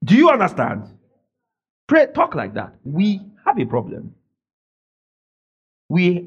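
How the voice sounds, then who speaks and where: High, lively preaching man. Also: slightly rough, lo-fi sound. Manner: animated preaching, swings from quiet to shouting. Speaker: pastor. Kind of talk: sermon. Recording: faint music behind.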